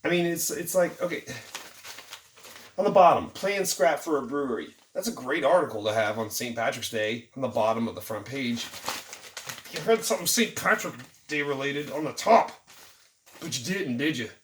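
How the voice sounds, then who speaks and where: A man rants about the news in a mocking, irritated tone and keeps throwing in jokey asides. His voice sits at an ordinary middle pitch. The sound is roomy, and he is set back from the mic. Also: animated, normal speed, fairly bright tone, distant mic, slight background noise. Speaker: vlogger. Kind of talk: sarcastic news commentary rant.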